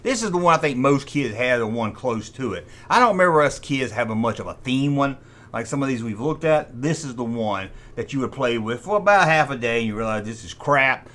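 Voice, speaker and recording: A man's voice: medium pitch, expressive, a little fast, a bit bright. A man hosting a casual nostalgic toy review, blunt and wry in his judgments.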